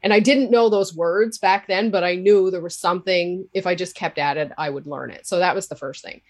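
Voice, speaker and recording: A woman with a Cape Breton accent, a podcaster talking candidly as an interview guest, with a loud laugh. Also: lowish voice, brisk. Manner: candid, laughs loudly, swears freely. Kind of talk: casual interview talk.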